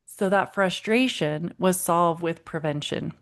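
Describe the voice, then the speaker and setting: A parenting coach hosts a solo podcast episode, warm and encouraging, acting out quoted lines in animated voices. Her pitch is fairly low and she speaks a little slowly.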